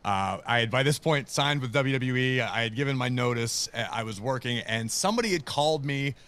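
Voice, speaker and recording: A man's voice: mid-range voice, fairly quick, a bit bright, smooth. A man in his thirties, a wrestling commentator, telling stories in a casual interview, self-deprecating and acting out the voices of people he quotes.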